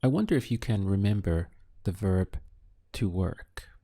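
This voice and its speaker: A man teaching a Spanish lesson, patient and clear, repeating and spelling words slowly. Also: deep voice, expressive, warm tone. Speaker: Spanish tutor. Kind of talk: slow, clear language lesson.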